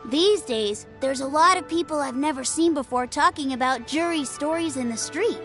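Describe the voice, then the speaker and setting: A woman voicing an eager, easily flattered young girl who fancies herself a sword master, in video game dialogue. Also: high-pitched, moderate pace, faint music behind. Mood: chatty. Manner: bouncy, excited, easily flattered.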